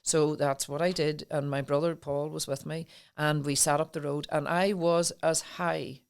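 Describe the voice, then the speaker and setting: A woman's voice: low voice, steady tone, normal speed, vocal fry. A middle-aged woman, a podcast guest telling her own story earnestly and with feeling. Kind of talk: personal storytelling in a podcast interview.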